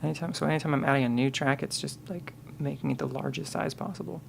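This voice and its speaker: A man's voice: on the high side, fairly even intonation, quick pace, gravelly, a little hiss or hum. A man on a live stream, thinking aloud and muttering to himself, counting and correcting himself as he works.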